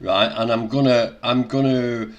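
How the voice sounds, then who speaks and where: A man's voice: mid-range voice, steady tone, measured pace, highs cut off. An older man from the UK co-hosting a casual livestream, joking and often breaking into laughter. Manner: jokey, bursts of laughter. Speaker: co-host.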